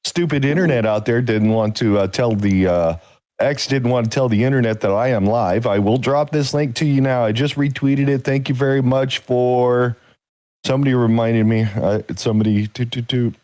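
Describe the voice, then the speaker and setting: A man's voice: medium pitch, steady tone, moderate pace, darkish tone, no room sound. A man with a mid-range voice hosts a live talk stream and chats casually with viewers. His delivery is offhand and joking, and the sound is dry and close. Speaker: host of a live weekly show.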